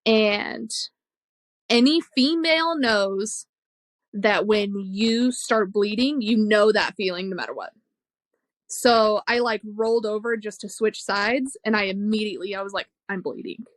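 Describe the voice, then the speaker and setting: A young woman shares a painful personal story on a podcast, talking frankly and emotionally and cursing without a second thought. Her voice sits at a middle pitch, and the close mic makes it sound very dry. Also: measured pace, no room sound. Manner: frank and emotional, swears freely, laughs between hard moments. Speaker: podcast guest. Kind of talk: candid conversational storytelling.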